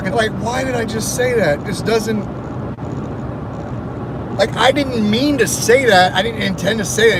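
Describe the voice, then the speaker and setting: A man vlogging casually from his car as he drives to work, chatting and joking as his thoughts wander. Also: high-pitched. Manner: chatty, jokey, wandering talk. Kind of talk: casual rambling car vlog. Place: car on a highway. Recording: car road noise behind voice.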